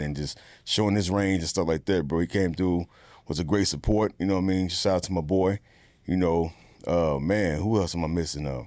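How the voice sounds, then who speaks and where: A man, an actor, chatting casually in an interview, relaxed and slangy with lots of fillers. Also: sits low, dry recording, clean studio sound. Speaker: actor guest.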